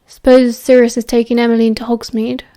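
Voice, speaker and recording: A woman's voice: fairly high pitch, flat delivery, brisk, warm tone, smooth, close to an everyday voice. A woman with a British accent voicing a guarded, gloomy teenage schoolboy who answers tersely and reluctantly. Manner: terse, reluctant, brief replies.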